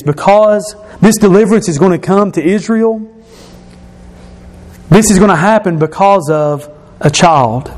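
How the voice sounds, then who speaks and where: A man preaching a sermon, explaining scripture verse by verse and repeating key phrases, slowing and dropping his voice for emphasis. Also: sits high, darkish tone. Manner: slows and drops his voice for emphasis.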